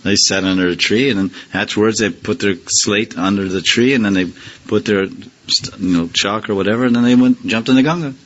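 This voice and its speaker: A man's voice: lowish voice, fairly quick, a bit bright, dull audio. A man teaching a scripture class in a loose, conversational way, firing rhetorical questions at his listeners and chuckling now and then. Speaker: spiritual teacher.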